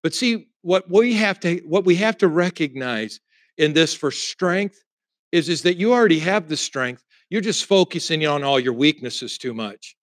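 A man preaching a sermon as a pastor, telling a personal story and swinging between loud emphasis and hushed, quiet moments. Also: fairly high pitch, animated, moderate pace, dry recording, studio quality.

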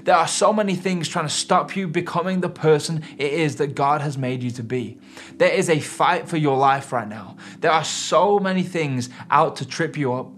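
A man gives an earnest, emphatic sermon at a moderate pace, in a voice that's a little high and a bit bright. His intensity rises and falls, and there is faint music underneath.

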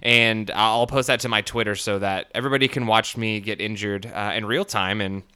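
A man's voice: on the low side, fairly even intonation, normal speed, sharp tone, clear, resonant tone. A man hosting a podcast solo, rambling with many fillers and crude jokes, talking through a swollen split lip. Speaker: podcast host. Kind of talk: casual podcast monologue.

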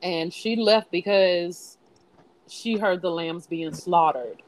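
A woman co-hosting a movie podcast in relaxed chat. She chimes in with quick reactions and laughs often. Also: lowish voice, a little hiss or hum, rough recording. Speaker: podcast co-host reviewing a film. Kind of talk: casual chat.

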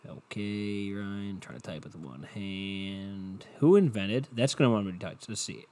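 A man's voice: fairly low pitch, measured pace, darkish tone. Swearing young man rambling solo. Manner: crude, self-mocking, swears a lot. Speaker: podcast host. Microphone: cheap desk mic, headphones.

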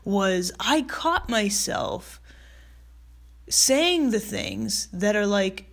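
A woman's voice: medium pitch, lively intonation, very slow. A woman giving a casual, emphatic motivational talk, speaking straight to the listener, piling up rhetorical questions and repeating her key phrases. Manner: emphatic, repetitive, direct address with rhetorical questions; casual with fillers and mild swearing.

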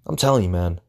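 Deep and gravelly with a darkish tone, a man hosts a podcast and delivers an emphatic motivational speech, swearing often and posing rhetorical questions.

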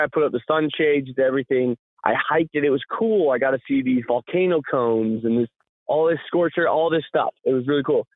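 A man chatting on a podcast, spinning a loose, excited story and laughing as he goes. His voice sits a little high and comes through tinny and narrow, like a phone line, with no room echo at all. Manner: rambling, animated storytelling with frequent laughs. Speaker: podcast co-host. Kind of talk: casual podcast chat.

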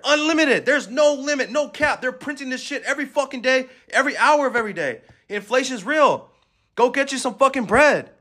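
A man's voice: very high-pitched, pushed and bright. A man hosting a podcast, giving an aggressive, swear-filled motivational rant at the listener. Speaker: podcast host.

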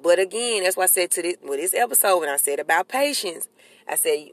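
A podcast host, talking in a casual, animated and preachy way, often repeating short affirmations. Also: medium pitch, a little fast, no room sound. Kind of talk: casual chat.

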